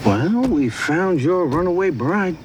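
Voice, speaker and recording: A slow, mock-polite groomsman. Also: sits high, animated, background noise. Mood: measured. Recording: movie trailer with loud music. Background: music.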